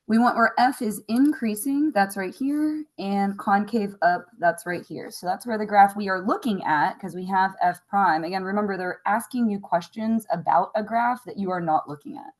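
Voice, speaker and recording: A woman teacher going over a math test on a recording, chatty and wry, thinking out loud as she works. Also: medium pitch, low-quality recording. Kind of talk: recorded classroom lesson review.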